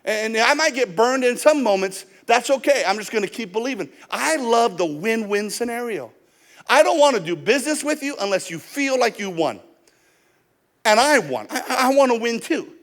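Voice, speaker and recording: A male pastor with a high voice delivers a sermon. He tells personal stories and acts out both sides of the conversations as he preaches. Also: expressive, moderate pace, fairly bright tone.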